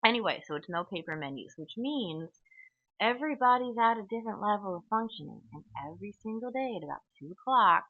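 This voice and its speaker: On her solo podcast, a woman rambles through a long monologue packed with tangents, fillers, and repeated "okay?" asides. Her mid-range voice is animated and quick, and the dry, echo-free audio sounds tinny, like a phone.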